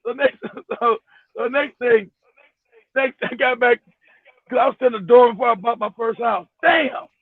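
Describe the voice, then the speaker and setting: A man's voice: extremely high pitch, fairly even intonation, normal speed, no echo. A middle-aged man telling a crude, profane story with laughter, acting out quotes, over a phone call. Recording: tinny phone line.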